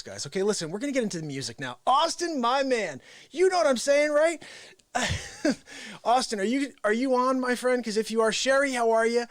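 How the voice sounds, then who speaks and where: Excitable man hosting a live show. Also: very high voice, moderate pace, no echo. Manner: excitable, laughing, shouting out greetings. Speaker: host of a live daily variety show. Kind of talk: unscripted live-stream chat.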